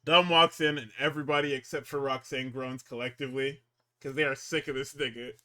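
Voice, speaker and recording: A man's voice: mid-range voice, steady tone, fairly quick, bright, forceful tone. A man co-hosting a podcast, chatting casually as he recaps shows, rambling, cursing constantly and tripping over his words. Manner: rambling, swears constantly, stumbles and restarts. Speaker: podcast co-host recapping wrestling. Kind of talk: casual profane recap chat.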